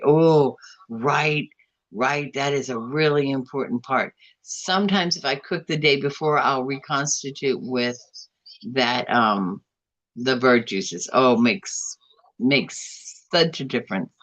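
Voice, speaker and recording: A woman hosting a casual live stream, chatting and reading out viewer comments, with a drawn-out, bouncy way of talking. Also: fairly bright tone. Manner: chatty, drawn-out, swings up and down in pitch.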